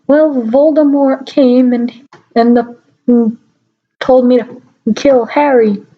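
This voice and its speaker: A woman's voice: high-pitched, steady tone, takes it slowly. A woman voicing a melodramatic teenage goth girl, overwrought and whiny, on a lo-fi home recording.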